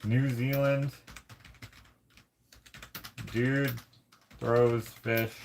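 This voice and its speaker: A man from Canada hosting a casual livestream, reading viewer comments aloud and rambling as he thinks out loud. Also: mid-range voice, level tone, extremely slow, vocal fry, slight background noise. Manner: rambling, thinks out loud while searching things up. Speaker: livestream host.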